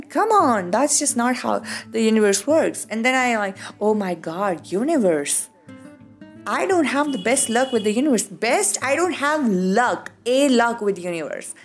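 A woman from India with an Indian accent, hosting a podcast and telling a personal story in a casual, animated way, acting out both sides of conversations. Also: mid-range voice. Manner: animated, acts out both sides of quoted dialogue, frequent swearing. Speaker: podcast host.

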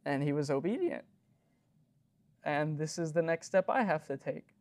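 A young man delivers an earnest, chatty sermon to a youth group. He talks casually, with lots of "you know" fillers and quick nervous laughs. His voice sits a bit high and has some vocal fry. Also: expressive, darkish tone. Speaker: youth leader preaching.

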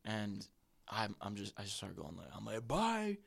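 A young man, a podcast guest, telling a rambling story in casual chat, full of "like" and "bro" and quick laughs. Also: on the low side, steady tone, gravelly, a bit bright, husky.

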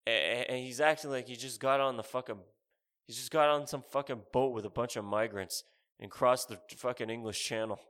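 A man's voice: medium pitch, brisk, fairly bright tone. A man in his thirties delivering a rambling, sarcastic, profane comedic rant as a podcast host.

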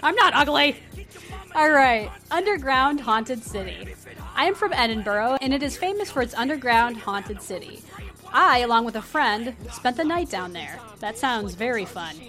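A woman reading stories aloud on a casual podcast, playful and quick to laugh. Her voice sits a little high and swings widely as she talks. Faint music plays behind her. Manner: animated, laughs often, playful.

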